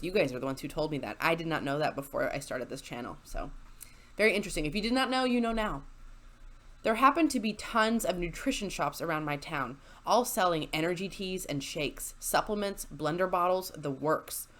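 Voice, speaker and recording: A woman with a lowish, fairly bright voice reads stories into a desk mic for her YouTube channel, chatty and sarcastic, laughing often between lines. She tells the story with asides from her home desk, where the chair squeaks.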